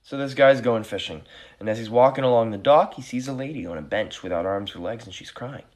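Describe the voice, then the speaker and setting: A man telling a joke in an animated storytelling way. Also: mid-range voice, fairly quick.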